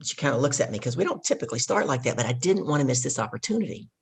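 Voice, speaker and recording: Woman, gravelly voice, husky tone, business coach telling animated stories on a podcast. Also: extremely low pitch, racing. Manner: animated storyteller who acts out dialogue. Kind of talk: storytelling interview.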